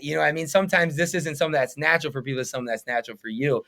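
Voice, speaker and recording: A man's voice: on the high side, very fast, few pauses, fairly bright tone. A man in his thirties, a painting business owner, talking as a podcast guest in an earnest, rambling way full of fillers. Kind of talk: casual interview chat.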